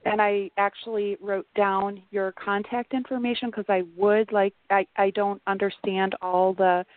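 A woman's voice: medium pitch, level tone, measured pace, no room sound. A Midwestern American woman in her forties from Wisconsin, calling in to a radio show, talking in a hesitant, rambling way full of fillers and restarts. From Wisconsin, USA. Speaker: caller. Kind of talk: radio call-in. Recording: dry, tinny phone line.

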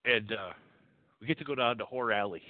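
A man's voice: on the low side, brisk, no echo, narrow, tinny audio. A man hosting a call-in show, talking crudely and rambling. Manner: profane, rambling and animated. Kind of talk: crude casual call-in talk.

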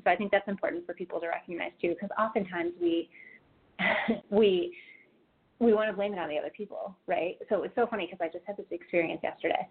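Fast-talking woman on a tinny line. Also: fairly low pitch, slightly rough. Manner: chatty storyteller, many fillers. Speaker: co-host. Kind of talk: casual chat.

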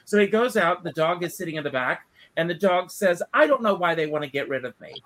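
Higher-voiced male host, relaxed. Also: brisk. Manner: relaxed and conversational, tells a joke. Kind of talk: casual interview chat.

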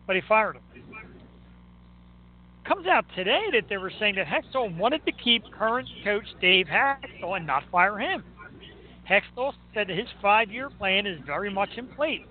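A man hosting a talk show, chatting and ranting about sports in an excitable, joking way. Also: sits high, normal speed. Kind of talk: casual sports rant and chat. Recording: tinny phone-like line with faint noise.

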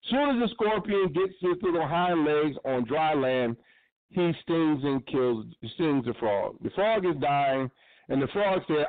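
A man's voice: on the high side, animated, measured pace, no echo. A man hosting a radio show, giving blunt, profane, impassioned commentary. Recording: tinny phone-line sound.

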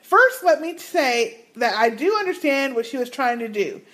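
High, lively woman podcast host. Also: moderate pace. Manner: reads emails aloud with asides and laughs. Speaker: podcast co-host reading listener emails. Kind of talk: casual podcast chat.

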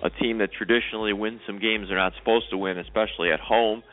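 The co-host's lowish voice keeps a steady tone at a quick pace, with slight background noise on a phone-like call-in line. He offers his sports picks in a talkative, hedging style, full of "I mean" and "you know."

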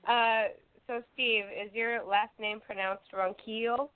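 A woman guest in a casual podcast chat, giggly and relaxed, swearing now and then. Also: a little high, slow, clear, resonant tone, no echo. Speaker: guest, YouTube horror host. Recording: tinny phone-like line.

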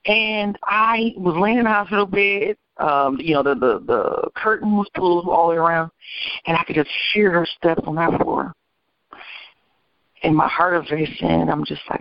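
A woman attorney from Michigan telling her life story as an interview guest, animated and acting out the people she quotes. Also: lowish voice, normal speed, no room sound. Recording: dull, dry lo-fi recording.

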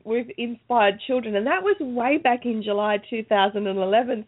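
A woman hosting an interview, asking long questions and praising her guest. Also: mid-range voice. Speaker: host. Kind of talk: casual interview chat. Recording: tinny phone line.

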